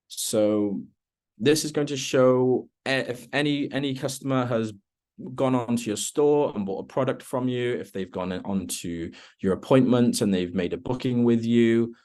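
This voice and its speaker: A man leading a relaxed screen-share demo of a software tool in an online meeting, with lots of ums as he walks through each step. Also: medium pitch, measured pace. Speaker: product trainer.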